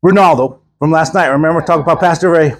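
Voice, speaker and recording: A traveling preacher from Texas gives a casual sermon at a church gathering. His voice is fairly high and husky. He tells folksy stories and doubles back on his words as he goes. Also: quick pace, rough recording. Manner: folksy storytelling, repeats words often. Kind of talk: informal sermon.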